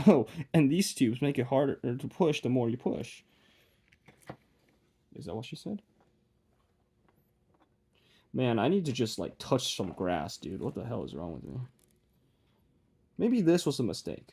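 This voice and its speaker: A man's voice: mid-range voice, big pitch swings, moderate pace, creaky, pauses often, warm tone, husky. A young man talking casually to camera as he works on a project, mumbling and self-deprecating, often trailing off and restarting. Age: young adult. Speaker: vlogger. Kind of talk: casual rambling vlog while working.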